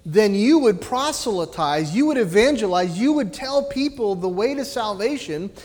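High-voiced preacher in a reverberant church. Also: male voice, normal speed. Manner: animated, swings between loud emphasis and quiet lows. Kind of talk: sermon.

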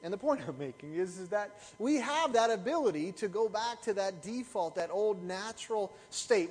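Man, middle-aged, pastor, sermon, high voice, animated storytelling, rhetorical questions, long hall reverb. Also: moderate pace, few pauses, husky.

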